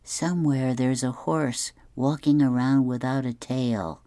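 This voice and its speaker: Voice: mid-range voice, fairly even intonation, a little slow, warm tone, no echo, lightly acted. A tactful, awkward young comic-strip man draws out his polite words, as a reader puts him on. The sound is close and dry.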